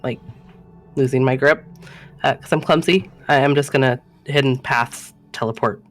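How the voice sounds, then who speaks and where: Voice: medium pitch, fairly even intonation, moderate pace, faint music behind. A player in a tabletop game, talking casually and a little hesitantly. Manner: hesitant, with repeated words.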